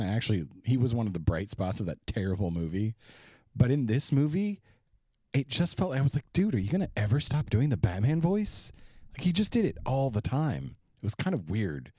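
A man's voice: medium pitch, sing-song, fast talker, warm tone, breathy edge, no echo. A man co-hosting a podcast, chatting casually with an opinionated, sarcastic delivery. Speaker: podcast co-host. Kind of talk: casual chat.

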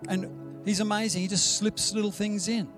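A man's voice: high-pitched, little pitch movement, moderate pace, over music. A man preaching a sermon in a conversational, storytelling way, acting out the dialogue he quotes. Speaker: pastor.

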